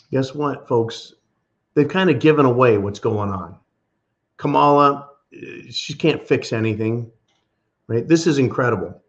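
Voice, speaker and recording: Male host, mocking political rant, emphatic and sarcastic, average pitch, somewhat dull recording. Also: fairly bright tone. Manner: sarcastic, mocking, emphatic, calls listeners "folks". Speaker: host of a preparedness channel. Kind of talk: ranting political commentary.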